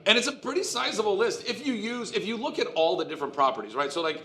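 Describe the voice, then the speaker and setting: An American man in his forties, an animated storyteller who laughs often and restarts his sentences, talking as a guest on a live convention stage. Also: high-pitched, fast, slight background noise. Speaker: guest actor. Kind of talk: casual stage interview.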